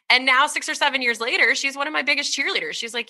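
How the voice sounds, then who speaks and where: A woman in her thirties, talking candidly as an interview guest, lively and laughing often, with lots of "like" and "right?". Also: high voice, fast, few pauses. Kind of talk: conversational interview talk.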